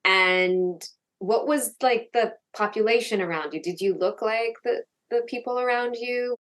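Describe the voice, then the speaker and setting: A woman's voice: fairly high pitch, measured pace, a bit bright. A woman hosting a podcast, asking short questions and giving frequent listening sounds. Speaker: podcast host. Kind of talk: casual interview.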